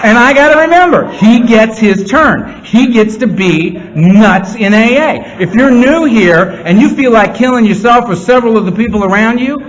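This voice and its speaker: A man giving a speech to a meeting room audience. He talks earnestly, slipping into rapid-fire repeated phrases. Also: very high voice. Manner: animated, rapid-fire repetition; earnest, heartfelt. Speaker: recovery meeting speaker. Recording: slightly muffled, faint room hum.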